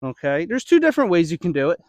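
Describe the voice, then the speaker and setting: A man with a high, sing-song, slightly mellow voice talks quickly on a dry recording, demonstrating baseball throwing drills. A little out of breath, he checks in often with "okay?"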